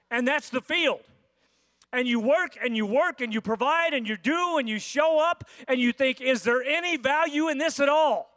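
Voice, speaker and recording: A man preaching a sermon as senior pastor, with dramatic pauses and acted-out inner voices. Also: very high-pitched, pushed and bright. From United States. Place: large church sanctuary. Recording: dry sound with long hall reverb.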